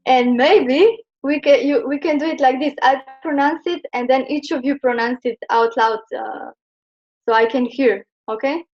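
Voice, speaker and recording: A woman's voice: high voice, moderate pace, a little mellow. A woman from Slovenia teaching Chinese pronunciation over a video call, patiently repeating each sound for her students. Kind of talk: online pronunciation lesson. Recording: muffled video-call audio.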